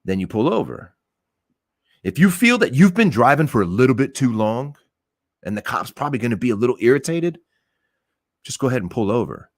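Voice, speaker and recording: A man's voice: mid-range voice, big pitch swings, brisk, pauses often, dry recording, clean studio sound. A man, a police officer, giving his blunt, emphatic opinions on a podcast, swearing and repeating points for stress.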